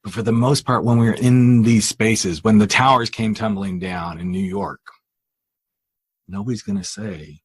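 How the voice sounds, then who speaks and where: Brief: male podcast host, low husky voice, exasperated and emphatic, dry close mic. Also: steady tone, measured pace, no echo. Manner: emphatic, exasperated, rhetorical questions. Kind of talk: impassioned solo rant.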